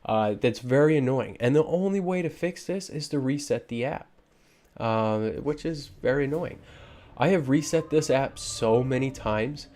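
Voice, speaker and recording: A man's voice: medium pitch, normal speed, darkish tone. A man giving frustrated, ranting commentary over gameplay footage, with lots of fillers and restarts. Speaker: gaming YouTuber.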